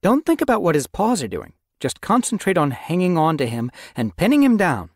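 A man voicing a caring, practical female mentor cat in a storybook reading, giving gentle advice. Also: high voice, huge pitch swings, brisk, breathy edge, no room sound, clean studio sound, voice pushed up, full character voice. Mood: advising. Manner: advising, gentle.

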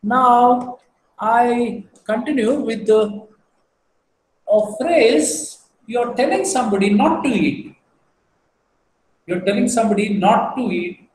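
A man's voice: very high voice, a little mellow. A man giving a language lesson, patiently repeating each word and spelling it out. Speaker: language teacher. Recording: roomy echo, faint background hum.

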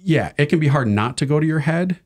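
A man's voice: on the high side, animated, brisk, a little mellow. Chatty, self-deprecating male priest. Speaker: Catholic priest. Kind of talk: casual conversation.

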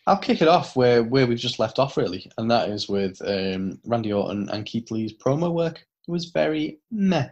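A man's voice: medium pitch, lively intonation, normal speed, hardly any pauses, a little mellow, dull audio. A man co-hosting a casual wrestling review podcast, ranting and swearing, often breaking into laughter. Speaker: podcast co-host.

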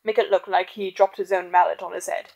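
A woman voicing a smug, scheming gentleman villain who talks with haughty relish and a menacing edge. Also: on the low side, little pitch movement, a little fast, gravelly, muffled recording.

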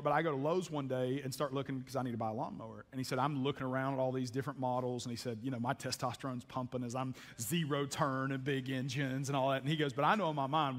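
Folksy preaching pastor in a church hall. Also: male voice, mid-range voice. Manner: folksy, emphatic preaching with frequent restarts. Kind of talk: sermon. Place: church sanctuary. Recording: long reverb of a church hall.

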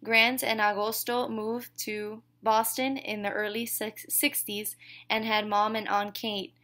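In a flat, somewhat slow delivery with a sharp tone, a woman with a mid-range voice reads a novel in the first person. As an audiobook reader, she gives the dialogue slight variations per character instead of dramatic voices.

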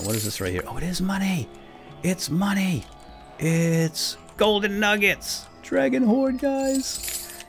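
Lively man narrating gameplay, soft music. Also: lowish voice, vocal fry. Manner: excitable, swings from loud outbursts to hushed whispers. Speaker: let's play host. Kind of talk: gameplay commentary.

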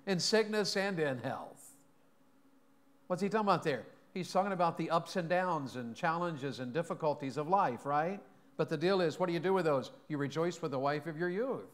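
A man's voice: on the high side, expressive, moderate pace. Folksy preacher man. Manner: folksy, joking, asks the congregation questions. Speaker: pastor. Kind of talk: sermon. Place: church sanctuary.

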